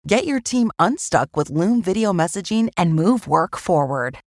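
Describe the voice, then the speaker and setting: A woman's voice: fairly low pitch, animated, normal speed, no room sound, clean studio sound. A woman reading a sponsor advertisement in an upbeat way. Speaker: ad announcer.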